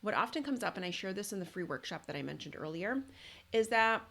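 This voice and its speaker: A woman's voice: mid-range voice, lively intonation, fast talker, creaky, a bit bright. A woman hosting a solo parenting podcast, talking in an earnest, conversational way with restarts and repeated words.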